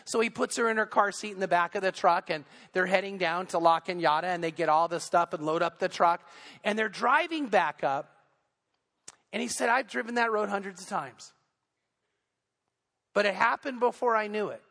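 Male pastor, high voice, earnest storytelling sermon, long church reverb. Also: expressive, moderate pace, creaky, pushed and bright. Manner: earnest storytelling, building intensity. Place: church sanctuary.

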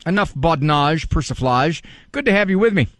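Male radio host, wry and animated, slightly high voice, dry studio sound. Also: normal speed, dry recording. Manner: wry, joking, animated, with playful word games. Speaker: radio talk show host, psychologist. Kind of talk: casual radio monologue.

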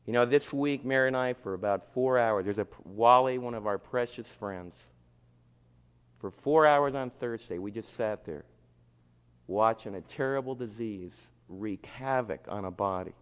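A man preaching a sermon, swinging from near shouts to hushed tones and acting out the voices of churchgoers. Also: mid-range voice, moderate pace, clear, resonant tone, highs cut off. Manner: acts out quoted voices of churchgoers. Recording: long hall reverb.

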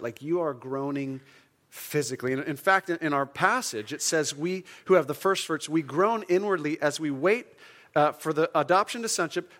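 A man's voice: mid-range voice, a bit bright. A man preaching a sermon to his congregation in an earnest, conversational way, leading the room in call-and-response. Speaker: pastor.

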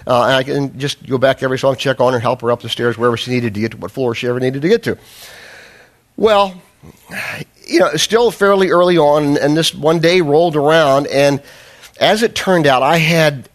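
A man preaching a sermon as a pastor, telling a self-deprecating personal story with humor, then pressing his point with earnest, fervent emphasis. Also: fairly high pitch.

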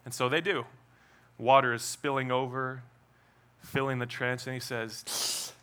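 A pastor preaching a sermon, retelling a story with lively acted-out quotes and playful asides. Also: male voice, measured pace, smooth. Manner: animated storytelling preacher, acts out quotes and trash talk; shifts between loud excited bursts and low quiet asides.

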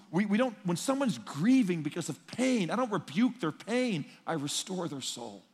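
A male pastor preaching a sermon in a conversational, emphatic way, swinging between loud and hushed. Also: high voice, sing-song, normal speed, slightly rough. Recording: long reverb in a large hall.

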